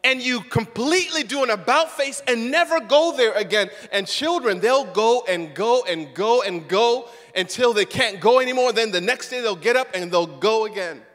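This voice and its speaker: High-voiced animated preacher in a hall. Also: male voice, normal speed, few pauses. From Zimbabwe. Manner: animated, acts out quotes, repeats words. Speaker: pastor. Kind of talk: sermon. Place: church sanctuary.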